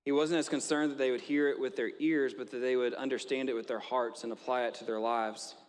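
A man's voice: medium pitch, steady tone, a little fast, long reverb tail. Conversational male pastor preaching. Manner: conversational, tells jokes and stories. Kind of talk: sermon.

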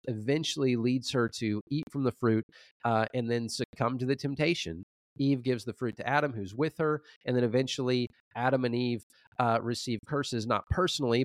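A man co-hosting a scholarly debate show, presenting his position in a measured way with frequent restarts. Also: mid-range voice, no room sound. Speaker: co-host, Old Testament scholar.

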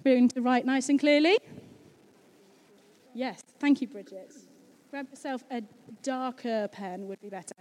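Woman, pastor, casual sermon, high voice, bubbly and chatty. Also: measured pace, pauses often, a little mellow, slight background noise. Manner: bubbly and chatty, laughing easily.

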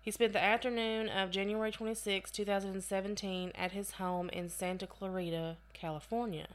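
A woman co-hosts a casual true-crime podcast, reading case details aloud at an even, middling pitch. She keeps stopping to add loose, chatty asides and the odd laugh before going back to the notes. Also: normal speed. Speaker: podcast co-host.

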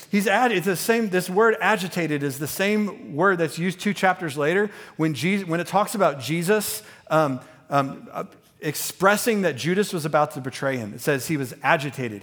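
A man preaching a sermon as pastor, talking conversationally with many fillers and restarts, growing animated as he goes. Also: a little high, moderate pace.

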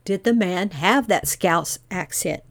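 A woman hosting a true-crime podcast, narrating a case in a measured, earnest way and posing many rhetorical questions. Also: fairly low pitch. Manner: volunteer investigator speaking earnestly.

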